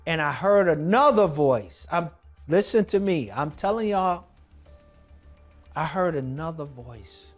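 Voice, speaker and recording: A man telling a personal testimony in a vlog, moving from hushed tones to emphatic shouting. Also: a little high, animated, a little slow, faint music behind. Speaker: documentary vlogger.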